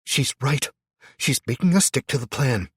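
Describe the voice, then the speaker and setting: A man's voice: medium pitch, lively intonation, normal speed, fairly bright tone, husky, dry recording, clean studio sound, voice pushed up. A man reading aloud voices a tough, fierce woman fighter, urgent and pushy.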